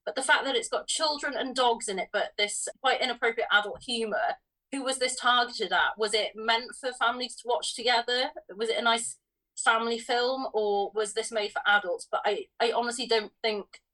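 A woman's voice: on the high side, normal speed, sharp tone, low-quality recording. A woman co-hosting a film podcast, talking through the plot with an incredulous, questioning manner. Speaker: podcast co-host. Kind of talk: casual film review chat.

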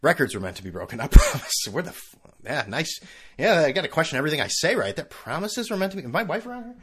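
A man's voice: on the high side, big pitch swings, quick pace, husky. A man hosting his own podcast, ranting and joking through a solo monologue with sarcastic asides. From California. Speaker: podcast host.

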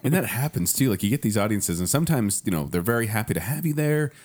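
A man's voice: on the low side, lively intonation, fast, darkish tone. A man co-hosting a casual chat, chiming in with short agreements and laughs and telling his own improv stories.

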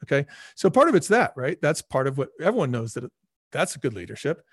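Fast-talking animated man, close dry mic. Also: a little high, slightly rough, dry recording. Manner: animated, acts out quoted dialogue, many fillers. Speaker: guest, restaurant executive. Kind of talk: animated interview storytelling.

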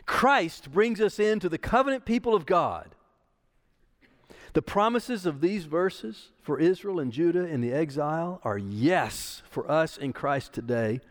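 A man's voice: sits high, sing-song, unhurried, big-room sound. A man preaching a sermon as pastor, emphatic and repeating key phrases for stress. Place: church sanctuary.

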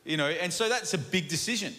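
A man with an Australian accent preaching a sermon, telling a personal story in a chatty, animated way that keeps asking "right?". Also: a little high, fast talker. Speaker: pastor. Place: church auditorium. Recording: long hall reverb.

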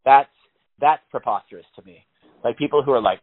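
A man's voice: medium pitch, fairly quick, slightly rough, no room sound. A man in casual, profane chat, rambling through stories and laughing often. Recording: phone-like narrow band.

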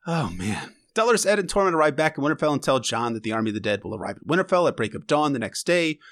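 Lively, sarcastic man recapping. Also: fairly high pitch, fast. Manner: emotional, wry and sarcastic asides. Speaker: podcast host. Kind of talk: casual episode recap.

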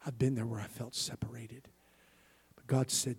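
A male pastor delivers a sermon with a husky, breathy voice at an average pitch. He swings from loud emphatic bursts to soft near-whispers, calling for amens along the way. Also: little pitch movement, normal speed.

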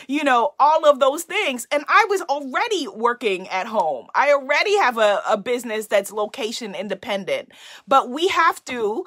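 A woman's voice: sits high, lively intonation, normal speed, bright, forceful tone. A woman hosting an inspirational live stream from home, speaking in an affirming, repetitive, sermon-like cadence. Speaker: spiritual coach hosting a livestream.

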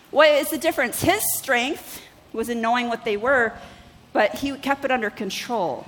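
A woman pastor preaching a sermon, telling stories with lively acted-out dialogue and asking the congregation questions. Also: fairly high pitch, moderate pace, long reverb tail, rough recording. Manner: animated storytelling, acts out her own dialogue with God. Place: church.

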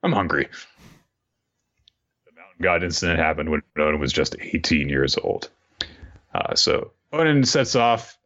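A man's voice: a bass voice, big pitch swings, moderate pace, a bit bright. A man co-hosting a podcast, recapping a story in casual chat and acting out the characters' lines along the way. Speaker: podcast co-host recapping a manga. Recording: dull lo-fi recording.

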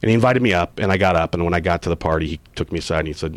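Fast-talking man with a low voice. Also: no room sound. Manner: animated, acts out quoted dialogue with big pitch jumps. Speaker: actor guest. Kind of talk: casual interview storytelling.

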